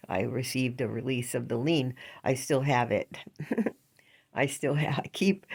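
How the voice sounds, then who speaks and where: A woman's voice: low voice, gravelly, darkish tone. An older woman vlogging in a casual, rambling monologue, indignant and chatty, with frequent laughs.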